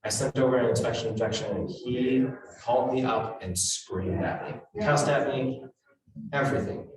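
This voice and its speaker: A man giving a live real estate training talk to agents, blunt and animated, acting out the people he quotes. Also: medium pitch, moderate pace, a crowd in the background. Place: training room with an audience. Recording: roomy, echoey hall from far off.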